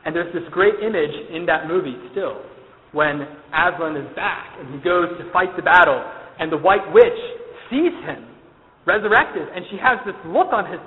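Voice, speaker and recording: Guy preaching an easter sermon, kinda high voice, chatty storyteller vibe, big echoey church, thin phone-quality audio. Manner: conversational storytelling, addresses the congregation directly. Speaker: Catholic preacher.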